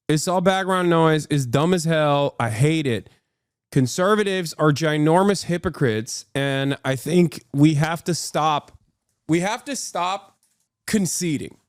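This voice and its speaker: A man's voice: high voice, no room sound, clean studio sound. A man in his thirties hosting a stream, giving heated, sarcastic political commentary and reacting to chat. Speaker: streamer host.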